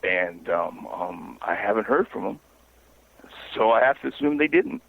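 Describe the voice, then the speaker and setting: A low, gravelly man speaks over a tinny phone line. He is an investigative author on a phone-in interview. His storytelling is halting and wry, with a husky edge. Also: lively intonation, no room sound.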